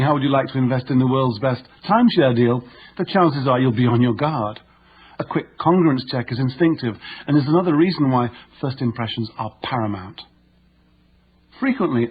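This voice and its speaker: A man narrating a nonfiction audiobook in a measured, instructive way. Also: medium pitch, highs cut off, a little hiss or hum.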